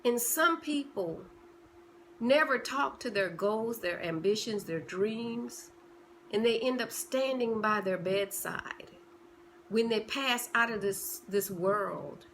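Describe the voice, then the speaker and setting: A woman's voice: a little high, slow pace, fairly bright tone, slight background noise. A woman giving a passionate motivational talk, pressing her listeners with repeated rhetorical questions. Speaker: motivational speaker.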